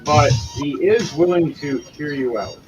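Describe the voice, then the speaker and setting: A man running a tabletop game online as game master, describing scenes in a relaxed way with filler words. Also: a little high, measured pace. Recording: dull lo-fi sound with loud music behind.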